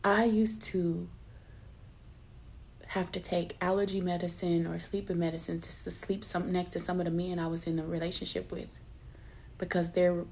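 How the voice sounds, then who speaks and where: Low-voiced woman giving a chatty spiritual reading. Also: a little mellow, slight background noise. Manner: personal, chatty, laughs at herself, calls listeners baby. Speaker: intuitive card reader. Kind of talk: live spiritual reading, casual chat.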